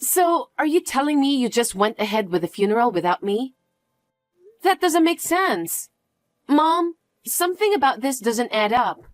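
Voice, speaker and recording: A woman's voice: on the high side, very animated, normal speed, hardly any pauses, no room sound, faint music behind. A young woman narrating a dramatized story, questioning and incredulous. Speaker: narrator and daughter.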